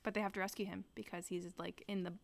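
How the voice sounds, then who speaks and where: A woman's voice: medium pitch, little pitch movement, fast, gravelly. Rambling young woman podcast co-host. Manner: rambling, many restarts and fillers. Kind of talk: casual chat.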